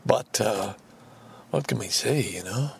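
A man's voice: lowish voice, a little slow, gravelly, husky. A man hosting a podcast, ranting angrily and profanely with heavy emphasis. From Canada. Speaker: podcast host. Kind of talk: solo podcast rant.

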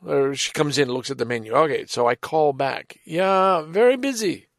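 A middle-aged man telling a casual personal anecdote in a rambling, halting way, with sighs and restarts. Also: mid-range voice, steady tone, creaky, no room sound, studio quality. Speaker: storyteller.

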